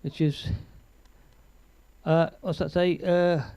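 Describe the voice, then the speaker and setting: A man's voice: fairly high pitch, flat delivery, takes it slowly, creaky, clear, resonant tone, no room sound, highs cut off. A man hosting a casual live stream, chatting, laughing and reading out viewer comments. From England. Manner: chatty, rambling, laughs often, reads viewer comments aloud.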